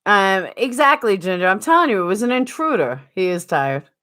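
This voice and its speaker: A woman's voice: medium pitch, big pitch swings, fairly quick, fairly bright tone. A woman with a New York accent chatting casually on a live stream, answering viewers by name.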